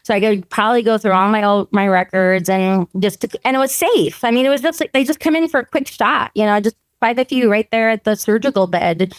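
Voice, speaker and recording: A woman's voice: medium pitch, brisk, few pauses, no room sound. A middle-aged woman, a veterinary oncologist telling stories in a podcast interview, laughing often and acting out dialogue. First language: French. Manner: animated storytelling, laughs often, acts out quoted dialogue.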